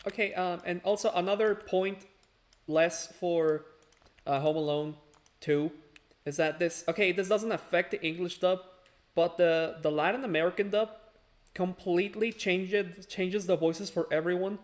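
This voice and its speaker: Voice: medium pitch, unhurried. A person chatting casually with friends, hesitant and full of fillers like "um" and "uh". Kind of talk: casual chat over voice call.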